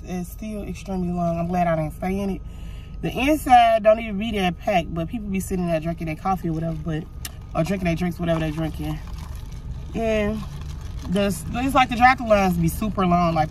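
A woman's voice: mid-range voice, slight background noise. A woman in her thirties vlogging in casual chat, talking straight to her viewers in a chatty, colloquial way.

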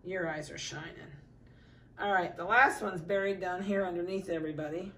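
A middle-aged woman dog breeder in a casual puppy update, cooing softly to the litter and giving brisk practical notes to buyers. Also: fairly low pitch, distant mic. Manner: coos softly to puppies, then gives brisk practical notices to buyers.

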